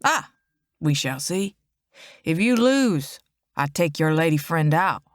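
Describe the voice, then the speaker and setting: A woman's voice: low-pitched, big pitch swings, slow pace, no echo, clean studio sound, exaggerated voice. A woman voicing a greasy, sly male carnival game vendor with a Cajun accent.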